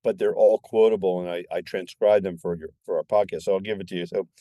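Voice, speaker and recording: A man in his sixties, a filmmaker guest on a podcast, telling stories in an animated, excitable way. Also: low-pitched, fast talker, no room sound, studio quality. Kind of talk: casual podcast chat.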